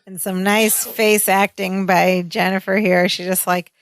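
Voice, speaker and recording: A woman's voice: mid-range voice, level tone, a little slow, dry recording. A woman co-hosting a podcast, chatting casually and laughing as she retells sitcom scenes and acts out the lines. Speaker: podcast co-host. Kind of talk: casual sitcom recap chat.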